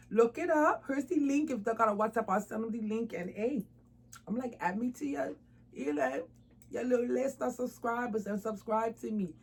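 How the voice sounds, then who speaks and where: A woman's voice: mid-range voice, slightly rough, rough recording. A woman chatting casually to camera about her doll hobby, informal and laughing often. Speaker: doll collector vlogger.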